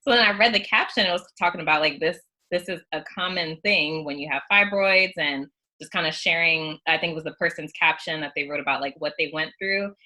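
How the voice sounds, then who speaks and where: A woman's voice: low-pitched, brisk, hardly any pauses, bright, forceful tone. A woman interviewing a guest in a casual, encouraging way, chatty with many likes and fillers.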